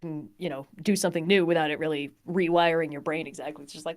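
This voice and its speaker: A woman in a casual podcast chat, making quick, teasing remarks. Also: deep voice, steady tone. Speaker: podcast cast member.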